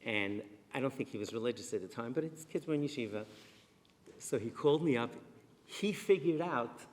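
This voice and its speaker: A middle-aged man, a rabbi, giving a lively storytelling talk to a live audience and repeating phrases for emphasis. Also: medium pitch, a little fast. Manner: animated, repeats himself for emphasis. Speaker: rabbi and speaker. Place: synagogue hall with a live audience. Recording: long reverb in a synagogue hall.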